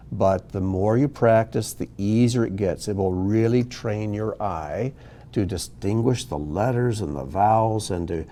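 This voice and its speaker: Midwestern male teacher, low mellow voice, slow and patient, lively intonation, recorded video lesson. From Ohio, USA. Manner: patient, slow and explanatory, with self-corrections and asides. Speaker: Hebrew teacher.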